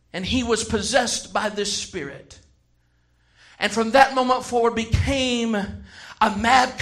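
A man preaching a sermon, who shouts some phrases and slows right down to stress others. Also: extremely high pitch. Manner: emphatic, swings from shouting to slow stressed words.

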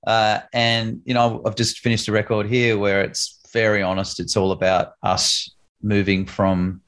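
A man's voice: on the low side, flat delivery, a little slow, fairly bright tone. An Australian man in his thirties, a musician answering interview questions with lots of hesitation and restarts. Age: 30s. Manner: hesitant, many ums and restarts. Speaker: musician guest.

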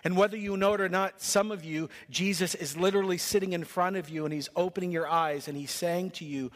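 A man's voice: high-pitched, fairly even intonation, brisk, few pauses. A male pastor preaching a sermon in a church, emphatic and punchy, in short rhythmic phrases. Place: church sanctuary. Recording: long reverb of a large hall.

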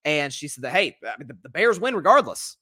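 A man's voice: fairly high pitch, fairly quick, husky, dry recording, studio quality. A young man hosting a sports podcast, talking casually and rambling with frequent restarts and self-corrections. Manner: animated, rambling, self-interrupting. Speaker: podcast host.

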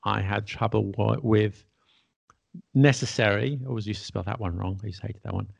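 Chatty man with a gravelly voice. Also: lowish voice, fairly quick, no room sound. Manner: chatty, self-deprecating, laughs often. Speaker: podcast host and English teacher. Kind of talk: casual conversation.

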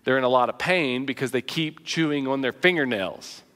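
A man's voice: mid-range voice, normal speed, a bit bright, big-room sound. A man preaching a sermon as pastor, conversational and earnest, telling personal anecdotes.

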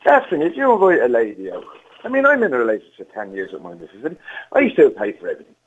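Irish male co-host, rapid and animated, slightly dull sound. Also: medium pitch, breathy edge. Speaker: radio co-host.

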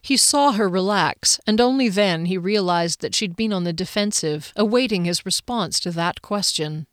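A woman narrating a fantasy audiobook in an even, measured storytelling voice. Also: medium pitch, dry recording, clean studio sound.

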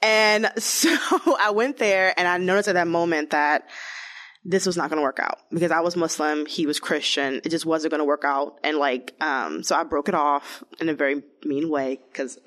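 With a deep voice at a moderate pace, a young interviewee casually narrates her story. She fills it with "like" and performs the quotes in animated voices.

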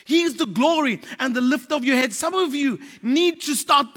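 A man preaching a sermon, telling stories animatedly and building to shouted exhortation. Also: very high-pitched, lively intonation, normal speed, few pauses. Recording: reverberant church hall.

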